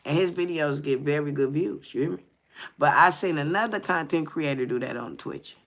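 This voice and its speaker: Guy ranting on a livestream, kinda high bright voice, keeps going "you hear me". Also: normal speed. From Detroit. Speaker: content creator. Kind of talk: casual livestream commentary.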